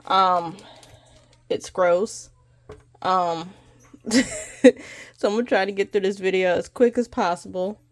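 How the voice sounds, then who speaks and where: A chatty woman talks casually to her viewers, her voice stuffy and congested from allergies. She rambles loosely and colloquially at an ordinary pitch for a woman. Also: steady tone, slow pace, long pauses. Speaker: budgeting vlogger. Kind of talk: casual chat to camera.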